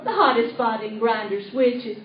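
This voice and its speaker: A woman's voice: a little high, animated, normal speed, a faint crowd, close to an everyday voice. A woman doing a hollering country gal comic. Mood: folksy. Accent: rural Southern US. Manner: folksy, hollering, giggly storytelling. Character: chatty rural country gal, hat with price tag. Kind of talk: live comedy impersonation monologue. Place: live stage show. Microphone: tablet recording from the audience. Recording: echoey, distant, dull live recording with faint hiss.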